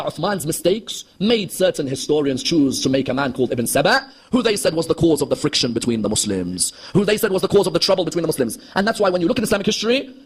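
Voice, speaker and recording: A Shia preacher with a high, slightly bright voice gives an impassioned lecture on religious history. He asks the audience rhetorical questions and acts out quoted dialogue.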